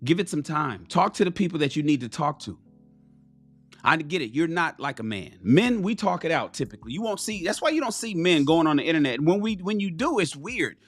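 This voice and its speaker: A man's voice: fairly high pitch, sing-song, brisk, faint music behind. A man ranting bluntly and profanely on a casual live stream, preaching to his viewers.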